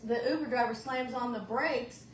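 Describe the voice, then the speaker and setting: A woman's voice: on the high side, normal speed, slight background noise. Woman minister preaching in an echoey church. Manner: folksy, searching, repeats words when restarting. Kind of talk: conversational sermon. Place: church sanctuary. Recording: roomy church sound from a distant mic.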